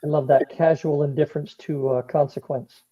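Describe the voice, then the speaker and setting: A man's voice: on the high side, flat delivery, moderate pace, mellow. A man at a tabletop game making dry, teasing remarks and giving rulings. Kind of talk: casual tabletop game chat.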